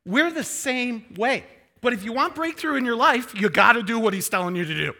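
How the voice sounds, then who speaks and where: A man's voice: extremely high pitch, fairly quick. A man in his thirties preaching a sermon, joking and acting out quoted voices. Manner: animated, joking, acts out quotes in changing voices. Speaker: pastor.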